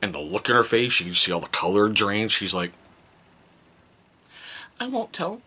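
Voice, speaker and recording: A middle-aged man telling stories about his kids in a casual, joking vlog. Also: fast talker. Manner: animated, jokey, mimics his kids in high voices. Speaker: vlogger, father.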